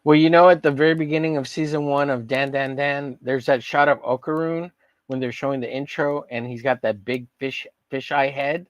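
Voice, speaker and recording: A man's voice: mid-range voice, steady tone, moderate pace, no room sound, dull audio. A man chatting casually while drawing on a live stream, joking and teasing and laughing often.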